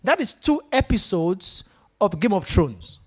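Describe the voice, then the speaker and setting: A man's voice: high-pitched, a little slow, husky. A man giving a motivational talk to students in a lecture room, storytelling and firing questions at the audience. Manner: animated, asks the room questions. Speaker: guest speaker.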